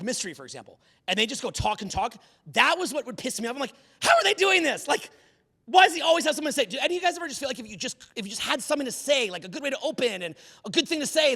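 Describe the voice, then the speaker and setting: A man holds forth before a live audience, his high voice edged with gravel and a bright, forceful push. He fires question after question at the room and swears freely as he drives his points home. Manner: animated, questioning the crowd, profane. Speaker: seminar speaker. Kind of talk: live seminar talk to an audience. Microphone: unamplified handheld mic.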